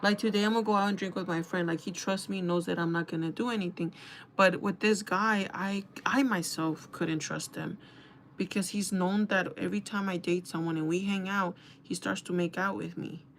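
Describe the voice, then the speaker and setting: A young woman telling a casual storytime rant to her viewers, animated and swearing, acting out both sides of a conversation. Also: fairly low pitch, moderate pace, slight background noise. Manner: animated, swearing, quoting herself and others. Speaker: beauty vlogger.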